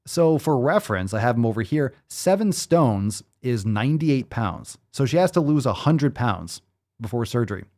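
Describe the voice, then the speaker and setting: An American man hosting a casual commentary show, reading news stories and riffing on them with profane, animated remarks. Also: medium pitch, moderate pace. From United States. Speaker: host.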